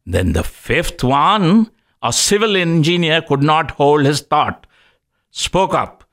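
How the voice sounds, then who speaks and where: Animated middle-aged man hosting a talk show. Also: on the high side, slow pace. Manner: animated storyteller who acts out quoted voices. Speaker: host of a healthcare talk show. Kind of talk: telling anecdotes and jokes on a talk show.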